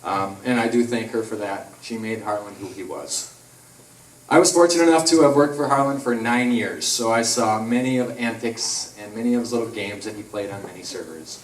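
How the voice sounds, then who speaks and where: A man's voice: fairly low pitch, a little fast. A man in his thirties with an Upper Midwest American accent, giving a eulogy full of funny stories about a close friend. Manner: storytelling, jokey, acts out quotes. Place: large hall at a memorial. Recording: echoey hall, mic from far off.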